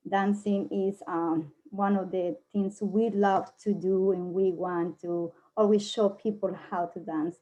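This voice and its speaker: Speaking in what seems to be her second language, a Colombian-accented woman presents casually as a guest, her delivery halting and filler-heavy as she searches for words. She has a mellow, dark tone at a mid-level pitch.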